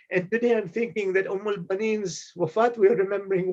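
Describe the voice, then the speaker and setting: A middle-aged man preaches in a community religious hall with a fairly high voice. He tells his stories earnestly and acts out the quoted speech. The recording sounds dull and lo-fi. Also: fairly even intonation, quick pace, few pauses, a little mellow. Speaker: shaykh giving a memorial majlis. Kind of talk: sermon with storytelling.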